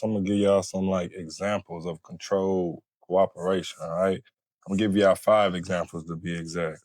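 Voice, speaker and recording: This Florida man hosts a family court advice show, coaching listeners in a casual teaching monologue. His voice is low and darkish with no room sound, and he repeats himself, often checking in with "all right?"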